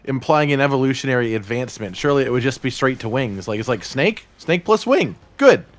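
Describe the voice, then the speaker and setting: A man co-commentating gameplay in casual banter, tossing out playful, deadpan quips. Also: medium pitch, fast.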